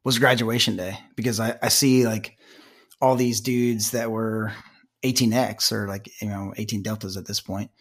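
Gravelly, husky-voiced man telling war stories. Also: fairly low pitch, fairly even intonation, moderate pace. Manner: laid-back anecdotes, laughs at own punchlines. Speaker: podcast guest, former army medic. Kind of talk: casual storytelling.

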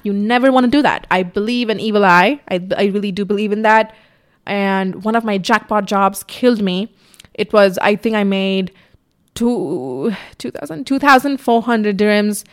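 A woman's voice: medium pitch, fairly bright tone, clear, resonant tone. A young woman vlogger speaks straight into her tripod camera in a loose, candid sit-down chat. Her voice sits in the middle range, and she talks freely, with casual swearing. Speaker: YouTuber. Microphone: camera on tripod in front of her.

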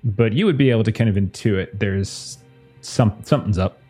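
A man's voice: lowish voice, normal speed, mellow, breathy edge, faint music behind. A man running a tabletop game as game master, narrating casually with many fillers.

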